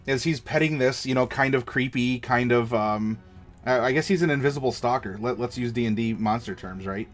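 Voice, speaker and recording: A man's voice: mid-range voice, fairly quick, faint music behind. An American man, a game master and streamer, giving tabletop storytelling advice in an enthusiastic, demonstrative way. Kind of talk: livestream advice chat.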